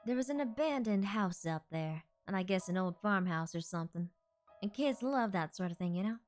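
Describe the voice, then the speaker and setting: A woman's voice: mid-range voice, animated, brisk, soft background music. A woman streamer chatting casually and reading game narration aloud, laughing and playfully exasperated.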